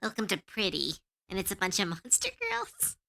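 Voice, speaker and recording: A woman streaming live from her desk. She chats casually as she draws, musing aloud and giggling often. Her voice is very bright and sharp, and her pitch swings widely. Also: huge pitch swings, normal speed, gravelly. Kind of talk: casual live-stream chat while drawing.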